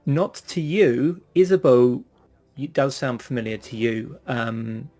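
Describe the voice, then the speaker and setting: A man narrating a tabletop game as game master in a relaxed, halting way. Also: mid-range voice, faint music behind.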